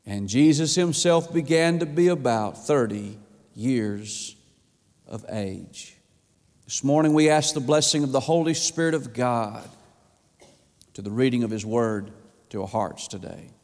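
A man's voice: medium pitch, long reverb tail. A man preaching a sermon, building his points through repeated rhetorical questions. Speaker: pastor. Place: church sanctuary.

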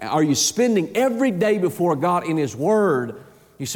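Emphatic preacher in a reverberant church. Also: male voice, very animated, moderate pace, a little mellow. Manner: emphatic, repeats words, rises and drops sharply in pitch. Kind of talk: sermon.

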